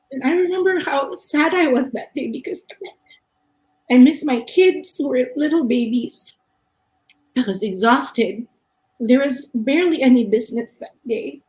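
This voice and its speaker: A woman's voice: sits high, expressive, a little slow, a little mellow, echoey room, rough recording. A woman who owns a cafe, telling a personal story as a podcast guest. She speaks earnestly and reflectively, often restarting her sentences.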